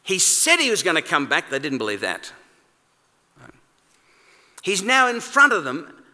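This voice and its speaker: A man preaching a sermon in a conversational, animated way, acting out quoted lines. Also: fairly high pitch, unhurried. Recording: long reverb of a large hall.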